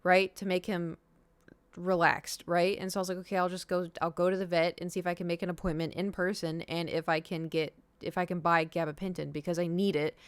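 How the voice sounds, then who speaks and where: A woman's voice: lowish voice, level tone, brisk, clear, resonant tone, dry recording. A young woman streaming, telling a long story in casual chat, acting out what people said and swearing now and then. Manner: rambling storytelling, acts out quoted dialogue, swears.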